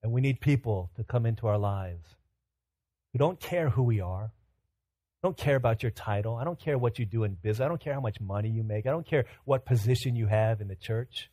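A man's voice: a little fast, dry recording. Man preaching with a dry close sound. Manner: storytelling, animated, self-mocking humor; earnest, lower and quieter when exhorting. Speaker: pastor. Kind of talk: sermon with humorous stories.

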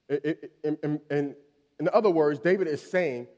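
A man in his thirties preaching a sermon, telling a story with many restarts and repeated words, then building in pitch and volume as he preaches. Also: expressive, measured pace, a little mellow. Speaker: pastor. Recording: long reverb of a large hall.

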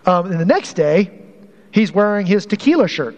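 A man's voice: high voice, lively intonation, moderate pace, a little mellow, big-room sound, highs cut off. A man preaching a sermon as pastor in a conversational way, often restarting and repeating phrases to drive a point home.

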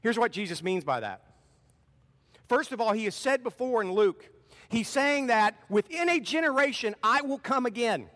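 A man's voice: extremely high pitch, very animated, moderate pace, a bit bright. A man preaching a sermon, reading scripture aloud with rising emphasis and then explaining it plainly. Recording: long hall reverb.

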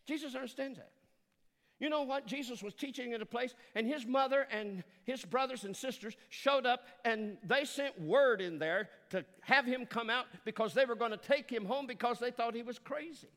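An older man preaching a sermon in earnest tones, with dramatic pauses and the odd self-correction. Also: very high-pitched, a bit bright. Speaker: pastor. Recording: long hall reverb.

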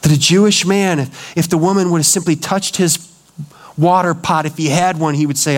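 A man's voice: fairly high pitch, steady tone, moderate pace. A male pastor preaching a sermon, acting out the voices of the people he quotes. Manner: dramatic, acts out quoted voices. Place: church.

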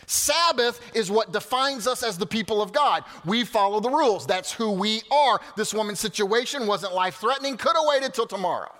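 A male pastor preaching a sermon, swinging from loud exclamations to quiet, casual asides. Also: sits high, animated, a little fast, few pauses. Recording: hall reverb.

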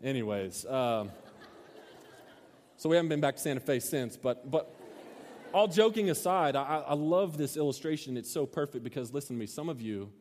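A man's voice: mid-range voice, normal speed, a little hiss or hum. A man preaching, telling a funny story and acting out the voices, in a large hall. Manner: storytelling, animated, acts out shouts. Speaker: pastor. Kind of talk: sermon with a story. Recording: long hall reverb.

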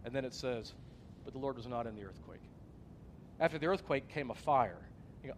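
A man preaching a sermon, swinging from loud emphasis to hushed softness and telling stories with acted quotes. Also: mid-range voice, brisk, slight background noise. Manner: storytelling with acted quotes and a joke. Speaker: pastor.

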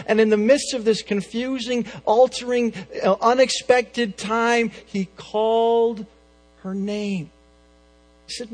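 Man, preacher, high-pitched voice, dramatic swings from loud to hushed, sermon delivery, mains hum. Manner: expressive, dramatic swings between loud emphasis and soft hushed phrases.

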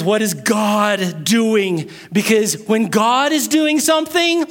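A male pastor preaching a sermon in a blunt, joking, animated way. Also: high-pitched.

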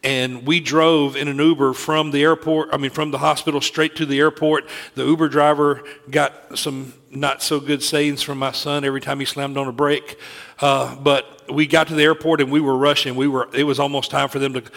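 A man's voice: mid-range voice, flat delivery, moderate pace, gravelly, a bit bright. A middle-aged man preaching a sermon, telling a personal story in an earnest way and often restarting his sentences.

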